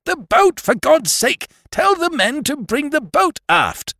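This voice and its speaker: A man playing a ship's doctor who shouts in a queer, frightened voice. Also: very high-pitched, big pitch swings, slow, dry recording, studio quality, voice pushed up, exaggerated voice.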